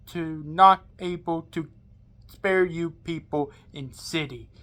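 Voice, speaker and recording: A woman voicing a scheming male villain in an amateur read-aloud story, speaking low and quiet. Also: slow pace. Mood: menacing. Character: scheming male villain summoning dark forces.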